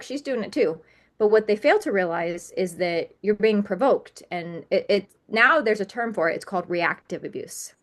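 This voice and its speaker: A woman talking as a podcast guest in a candid interview, earnest and emphatic, piling up repetitions. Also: mid-range voice.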